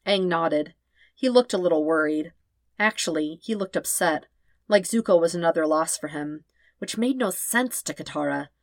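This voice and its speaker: Woman reading a story, calm and steady, lowish voice, dry close mic. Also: normal speed, no room sound. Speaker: podfic reader. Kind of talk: scripted narration.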